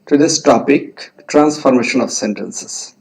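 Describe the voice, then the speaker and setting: A man with a Bangladeshi English accent gives an online grammar lesson. He speaks slowly and deliberately, at a middle pitch, spelling out examples word by word. His voice has a gravelly, fry-laced edge. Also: rough recording. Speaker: English teacher.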